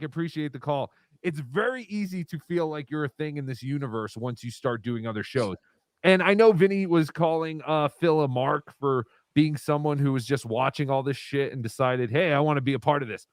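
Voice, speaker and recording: A man's voice: a little high, fairly quick, dry recording. Host man, dry close sound. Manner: relaxed, reads out callers and donations. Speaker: live-stream show host. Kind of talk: casual live-stream chat.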